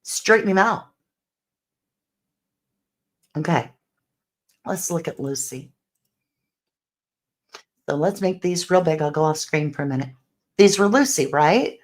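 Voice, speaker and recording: A woman hosts true crime commentary in a low, unhurried voice. She reads out messages and poses speculative questions as she walks through the case. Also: lively intonation, darkish tone. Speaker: true crime channel host.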